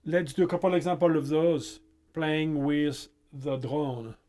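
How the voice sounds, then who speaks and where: Guy explaining rhythm to music students, slow and a bit high voiced, breaks it into little phrases. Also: dark tone. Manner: explains in short phrases, chanting rhythm syllables to demonstrate. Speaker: music teacher. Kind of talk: instructional explanation.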